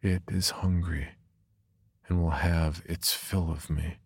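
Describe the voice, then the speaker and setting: A man narrating a first-person horror story in a subdued, brooding way, with a husky, gravelly voice. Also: sits low, dry recording.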